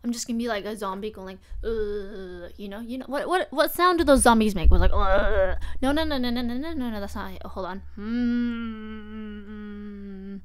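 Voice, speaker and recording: Young female streamer, a touch high-pitched, rambling casual chat, thinks out loud. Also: brisk, clean tone. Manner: rambling, thinking aloud, trailing off. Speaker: livestreamer.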